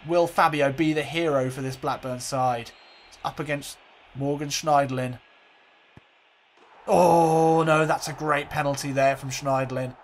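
A man hosting a let's play, calling a football game like a commentator, swinging between excitement and glumness. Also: fairly high pitch, unhurried, a little hiss or hum.

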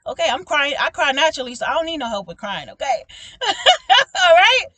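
A woman preaching informally to her online viewers, animated and emphatic, often asking "okay?" and calling them "baby", with frequent laughs. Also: high-pitched, fast talker, dry recording. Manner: laughs often, swinging between loud exclaiming and soft talk. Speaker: prophetic minister speaking to online viewers.

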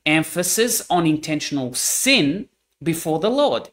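A man reading Bible verses aloud and explaining them, deliberate and stressing key words. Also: on the high side, big pitch swings, fairly bright tone. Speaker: scripture reader.

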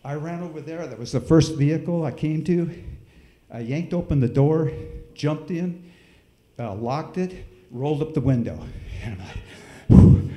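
A middle-aged man telling a folksy, animated story with sound effects during a church service. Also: on the high side, moderate pace, echoey room. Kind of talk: storytelling in a sermon. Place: church hall.

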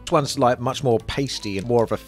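A man's voice: mid-range voice, a little fast, faint music behind. A man with an Essex accent tasting sweets and chatting casually and enthusiastically, with frequent laughs. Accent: Essex English. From Essex, England.

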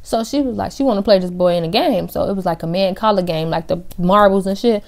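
A woman's voice: mid-range voice, fast talker, darkish tone. Slangy teenage girl telling a story. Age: teens. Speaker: vlogger. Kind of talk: storytime chat.

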